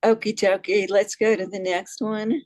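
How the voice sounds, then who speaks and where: A woman's voice: medium pitch, level tone, moderate pace, a little mellow, no echo, poor audio. A woman from New York City leads a casual presentation. She talks in a chatty way and keeps asking her listeners questions. Her voice sounds dry and close. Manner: chatty, asks the audience questions, laughs at herself. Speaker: presenter on hearing loss advocacy.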